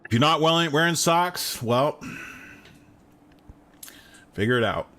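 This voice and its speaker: Young male streamer, slightly high, expressive delivery, slangy jokes. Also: measured pace. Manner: crude joking banter with chat, slangy. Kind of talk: casual gameplay chat.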